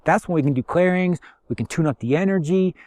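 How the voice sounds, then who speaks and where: A man's voice: a little high, fast, a little mellow, no echo. Rambling man with a dry close sound. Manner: rambling, repeats affirmations, many fillers. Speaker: spiritual teacher. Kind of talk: casual spiritual talk.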